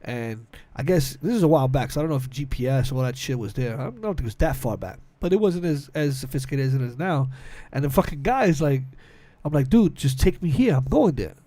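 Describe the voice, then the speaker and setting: A man's voice: mid-range voice, quick pace, no echo. A young man telling a rambling story on a casual podcast, laughing often and acting out the other people in it. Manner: animated, laughs often, acts out quotes with cursing and slang. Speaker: podcast co-host.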